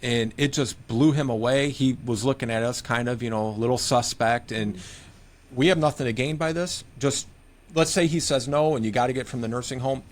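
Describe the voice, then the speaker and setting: An earnest man from Michigan, talking as a guest on a care podcast. His voice sits at a middle pitch, and he tells stories with quoted advice in a conversational way. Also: moderate pace. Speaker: podcast guest, home care case manager. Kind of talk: conversational interview.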